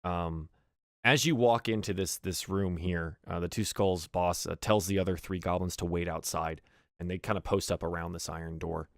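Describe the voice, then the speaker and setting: A man with a deep, gravelly voice narrates a tabletop game as dungeon master. He describes scenes in detail, often pausing on fillers. The sound is dry and close. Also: fairly even intonation, no room sound.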